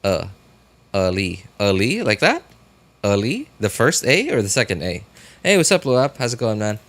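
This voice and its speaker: A man's voice: fairly low pitch, sing-song, moderate pace, a bit bright. A young man chatting casually with viewers while streaming a game, rambling with lots of fillers. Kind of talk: casual live-stream chat.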